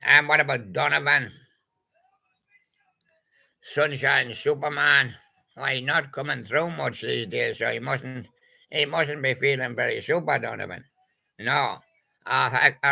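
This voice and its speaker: Slow gravelly older man. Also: mid-range voice, sharp tone, poor audio. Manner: slow, rambling, punning, with little sung snatches and put-on bits. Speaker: storyteller doing joke monologue about old pop songs. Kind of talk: rambling comic monologue.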